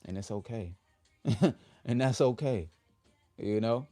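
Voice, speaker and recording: Mellow-voiced man hosting a motivational livestream. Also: medium pitch, slow pace, soft background music. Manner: upbeat, repeats affirmations with the audience. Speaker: livestream host.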